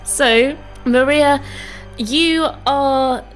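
A woman's voice: sits high, very slow, soft background music. A woman co-hosting a casual comedy podcast, laughing easily as she tells a story. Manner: giggly, storytelling. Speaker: podcast co-host.

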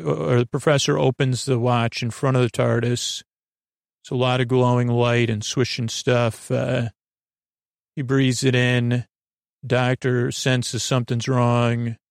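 A man recaps a show for a sleep podcast in a drowsy, meandering, deadpan ramble. His voice is gravelly with a touch of fry. The sound is dry and close. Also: medium pitch, dry recording. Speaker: podcast host.

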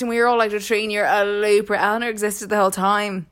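A woman's voice: medium pitch, a little fast, a bit bright. A young woman, casually telling a long story and often saying "like" and laughing. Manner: chatty, full of "like", laughs often. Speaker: podcast co-host telling stories.

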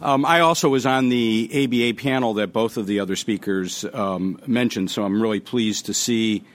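A man giving a conference panel talk, animated and joking as he tells a story. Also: fairly low pitch, normal speed. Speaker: panel speaker.

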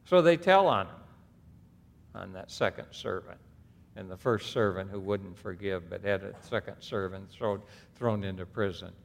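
A man's voice: deep voice, moderate pace, gravelly. A man preaching a sermon as pastor, reading scripture aloud and breaking off into emphatic asides. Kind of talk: expository sermon. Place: church sanctuary. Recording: long hall reverb.

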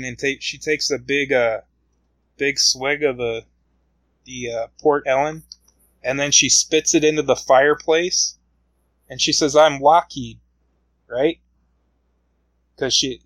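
Slow-talking man recapping a comic. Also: mid-range voice, a bit bright, no room sound, rough recording. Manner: rambling retelling with many fillers. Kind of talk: casual comic book recap.

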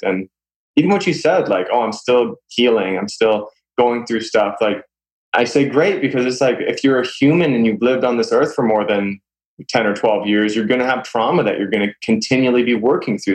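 A man's voice: medium pitch, rough recording. A young adult man speaking as an interview guest, sincere and easygoing, often breaking into light chuckles. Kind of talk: casual interview chat.

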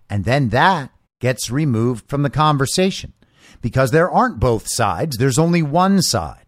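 A man's voice: medium pitch, no room sound, clean studio sound. A man hosting a political commentary show, delivering an opinionated monologue in a sarcastic, mocking manner.

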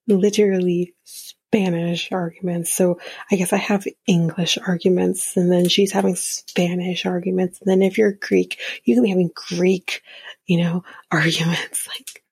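A woman's voice: medium pitch, a little mellow, husky, dry recording, rough recording. A young woman hosting a podcast, chatting casually and with exasperation about a reality show, swearing freely. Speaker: podcast host. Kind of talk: casual recap commentary.

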